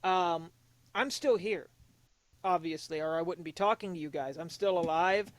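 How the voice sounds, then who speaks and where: High-voiced earnest young man. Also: no room sound. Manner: earnest, halting, with many restarts; emotionally open, confessional. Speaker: podcast co-host. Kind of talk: casual podcast talk.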